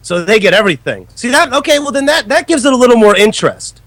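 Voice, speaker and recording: Brief: male co-host, high and animated, swears freely in casual chat; dry close sound. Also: quick pace, no room sound. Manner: loud, swearing, animated and laughing. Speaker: podcast co-host.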